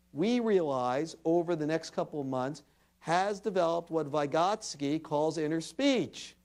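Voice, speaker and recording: A man's voice: fairly high pitch, darkish tone. A man giving a public lecture. He tells stories animatedly, acts out dialogue and speaks directly to the audience. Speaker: invited speaker.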